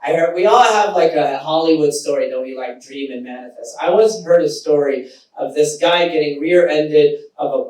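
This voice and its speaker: A man in his thirties performing a self-deprecating stand-up comedy set for a live audience, building to shouted punchlines. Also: a little high. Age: 30s. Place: small live venue with audience. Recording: echoey room, distant mic, audience noise.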